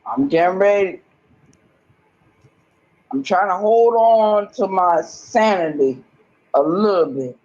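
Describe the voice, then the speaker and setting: An agitated woman rambles through an emphatic monologue, swearing freely and circling back over the same points. She talks slowly and at middling pitch. The sound is dull and lo-fi, like a phone recording. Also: a little mellow. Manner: emphatic, swears often, repeats herself.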